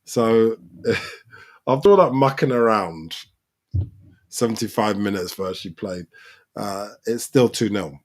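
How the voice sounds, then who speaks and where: A man's voice: on the low side, unhurried, pauses often. A man hosting a live football reaction, talking over the match and calling out the players. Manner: excitable, shouts at players on screen.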